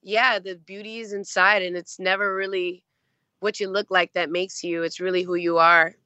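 Bright-voiced chatty woman. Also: fairly low pitch, flat delivery, moderate pace, clear, resonant tone, no echo, lo-fi sound. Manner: chatty, many fillers, acts out quoted voices. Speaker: actress guest. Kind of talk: casual interview storytelling.

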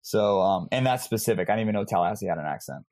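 A man's voice: on the low side, rapid-fire. Easygoing man hosting a podcast. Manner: relaxed, reads out rankings, hesitant with fillers. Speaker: podcast host. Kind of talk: casual chat.

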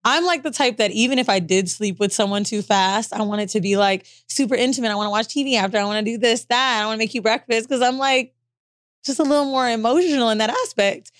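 A woman's voice: on the high side, quick pace, no room sound, studio quality. A woman co-hosting a podcast in casual chat, telling stories candidly and laughing often. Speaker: podcast co-host.

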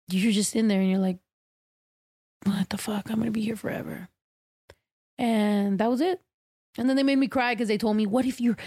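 A woman podcast host telling a story in casual chat, blunt and profane, animated as she talks. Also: medium pitch, no room sound, studio quality.

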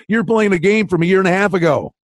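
A fairly high-voiced man co-hosting a sports betting podcast in casual chat. He talks in animated, quick bursts and often jumps in over his co-host. The sound is dry and close, with no room around it. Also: no echo.

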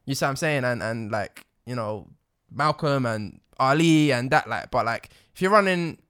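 A man giving quick, opinionated takes in slangy podcast chat. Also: mid-range voice, animated, a bit bright, clean tone. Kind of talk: casual chat.

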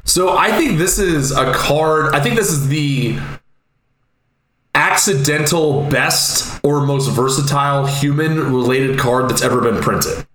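A man's voice: fairly high pitch, measured pace, fairly bright tone. A man co-hosting a casual podcast about a card game, talking in a rambling way and repeating himself. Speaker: podcast co-host. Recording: echoey room with faint ambient noise.

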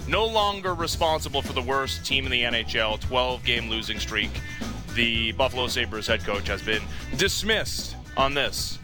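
A male host opens a hockey talk show with dry, teasing humor. He chats casually with his co-host. Music plays clearly behind his voice. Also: mid-range voice, expressive, moderate pace.

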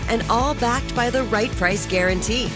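A woman's voice: fairly high pitch, moderate pace, loud music behind the voice. A woman reading a scripted ad in a polished, upbeat way. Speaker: ad announcer. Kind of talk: scripted ad read.

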